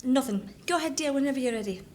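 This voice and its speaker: A woman putting on a pompous film director who speaks in a high, sugary, put-on voice. She talks down to everyone in hushed, over-sweet tones. It sounds like a comedy film scene, with faint noise behind. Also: expressive, unhurried. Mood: patronizing.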